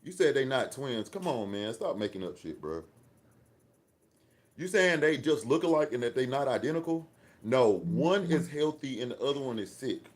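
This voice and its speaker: A man rants on a live stream, firing back at chat comments. He talks in brash, profane, boastful trash talk. His voice sits at an ordinary middle pitch for a man. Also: lively intonation, moderate pace. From Atlanta, USA. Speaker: livestream host.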